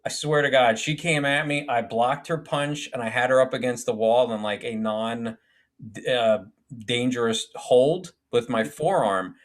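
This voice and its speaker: A man's voice: mid-range voice, unhurried. A man, a filmmaker guest on a podcast, telling stories animatedly, acting out quotes and swearing casually. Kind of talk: podcast storytelling.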